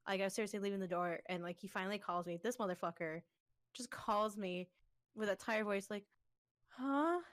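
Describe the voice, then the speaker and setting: A podcast co-host tells stories in a casual chat, animated and laughing often as she acts out quotes. She speaks briskly at a medium pitch.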